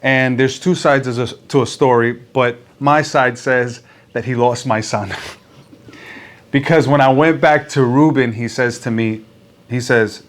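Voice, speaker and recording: A man's voice: mid-range voice, fairly even intonation, measured pace. A man preaching a sermon who tells a story with energy and acts out the people in it, in front of a congregation. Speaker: pastor.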